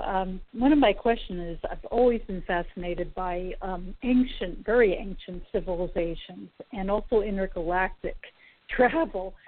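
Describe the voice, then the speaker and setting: A woman calling in to a radio show, asking her question eagerly but hesitantly, with many fillers. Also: medium pitch. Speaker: caller. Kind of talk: call-in question. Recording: tinny phone line.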